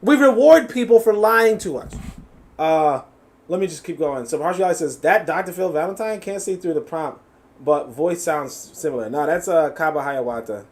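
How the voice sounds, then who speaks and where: This animated man runs a live reaction stream, reading out chat and ridiculing what he hears while cursing freely and laughing a lot. He speaks at a moderate pace in a fairly high voice.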